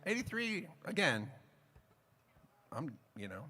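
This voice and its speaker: A singer-songwriter telling crude, rambling comic stories between songs at a small live music venue. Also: male voice, fairly low pitch, fairly quick. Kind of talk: live concert singing and comic stage banter. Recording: live concert mix with guitar.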